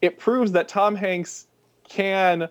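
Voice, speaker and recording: A man's voice: high voice, no room sound. A man co-hosting a podcast, chatting casually about a movie and acting out scenes in mocking quotes. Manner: animated, quick asides, mocking quotes. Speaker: podcast co-host. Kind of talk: casual movie review chat.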